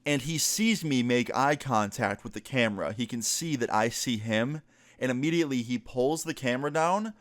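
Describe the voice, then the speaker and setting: A man and gaming YouTuber telling a storytime vlog in an animated way, swearing casually. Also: medium pitch, normal speed, no room sound.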